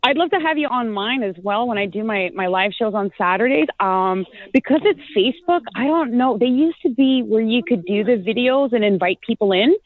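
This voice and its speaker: A chatty woman psychic calls into a radio show, talking in a bubbly, rambling way. Her voice sits somewhat high, and the phone line makes it thin and tinny with no room sound at all. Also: lively intonation, a little fast, hardly any pauses, no echo. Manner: chatty, effusive, lots of "like" and "you know". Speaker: psychic reader guest. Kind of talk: casual call-in radio chat. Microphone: phone call-in.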